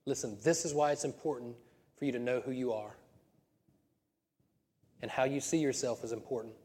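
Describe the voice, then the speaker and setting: A male pastor preaches in a church sanctuary with a mellow, darker tone. His talk is conversational and punctuated by emphatic bursts. A long hall reverb trails his words. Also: mid-range voice, steady tone, moderate pace. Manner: conversational preaching with laughs and rising emphatic peaks. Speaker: senior pastor. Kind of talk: sermon.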